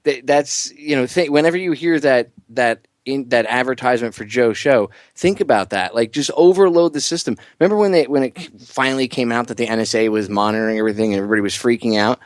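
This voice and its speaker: A man hosting a casual talk radio show, getting animated and jumping up in pitch when he jokes. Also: quick pace, hardly any pauses, dry recording, studio quality. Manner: animated, voice jumps high when joking.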